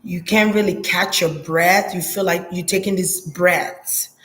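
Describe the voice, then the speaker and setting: A woman's voice: on the low side, steady tone, unhurried. A woman giving a psychic reading in a hesitant, murmuring way, repeating words and trailing off. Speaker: psychic reader. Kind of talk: intuitive reading monologue.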